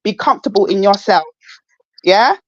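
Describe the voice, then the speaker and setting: A woman's voice: mid-range voice, lively intonation, no echo, dull audio. A woman caller on a live podcast panel, arguing her side with many restarts and repeated words. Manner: halting, repeats words, pushes back. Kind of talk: heated live panel debate.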